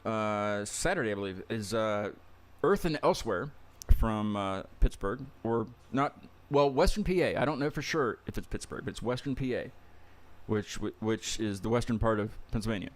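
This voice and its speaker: A man's voice: on the low side, lively intonation, normal speed. A man hosting a casual podcast interview, rambling, stumbling over his words and laughing often. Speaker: podcast host.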